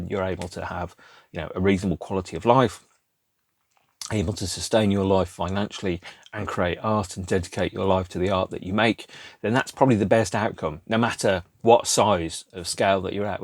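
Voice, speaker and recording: A man's voice: low-pitched, no echo. A man hosting a podcast alone, rambling and digressing casually as he muses aloud. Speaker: podcast host. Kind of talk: casual solo chat.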